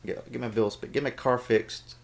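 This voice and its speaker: A man's voice: medium pitch, fairly even intonation, moderate pace, creaky. Joking, rambling male podcast co-host. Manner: rambling and jokey, with cursing and playful quoted voices. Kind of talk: casual chat.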